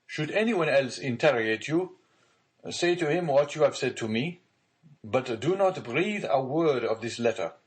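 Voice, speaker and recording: A man's voice: mid-range voice, animated, measured pace, pitched above the performer's own voice, natural voice. A man reading the part of a pale, frightened magistrate who gives urgent, tense orders. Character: pale frightened male magistrate, anxious, commanding.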